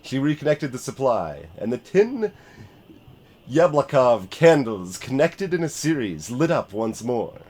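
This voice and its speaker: A man's voice: mid-range voice, big pitch swings, a little slow, a little mellow. A man streaming a story game, reading its narration aloud and chatting in a self-deprecating way.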